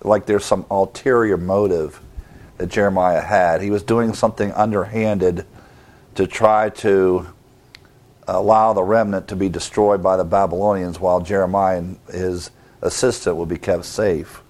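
A pastor teaching through a Bible passage verse by verse, in a deliberate and measured way, stressing repeated words. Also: male voice, sits low, fairly even intonation, a little mellow. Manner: deliberate, measured reading with emphatic repetition.

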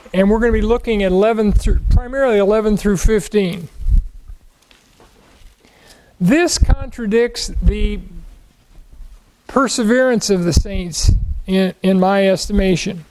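A man's voice: sits high, a little mellow, poor audio. A man teaching the Bible verse by verse, asking questions and answering them, leaning on key words.

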